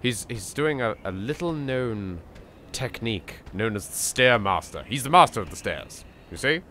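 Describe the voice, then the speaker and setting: Animated English man narrating his gameplay. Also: mid-range voice, normal speed, a little hiss or hum. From England. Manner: theatrical, jokey, swings between hushed asides and loud outbursts. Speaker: let's play host. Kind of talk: game commentary.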